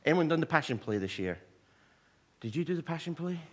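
Husky man preaching with lively storytelling. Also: fairly high pitch, a little fast. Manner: animated, humorous asides to the congregation. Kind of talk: sermon storytelling.

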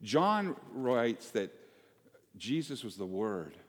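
A man preaching a sermon to his congregation, conversational and animated, joking with the people in the pews. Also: medium pitch, slow. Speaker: pastor. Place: church sanctuary. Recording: long hall reverb.

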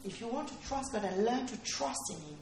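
A woman's voice: medium pitch, expressive, brisk, a little mellow, a little hiss or hum. A woman preaching a sermon in an earnest, emphatic way, repeating her key phrases for weight. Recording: roomy hall echo.

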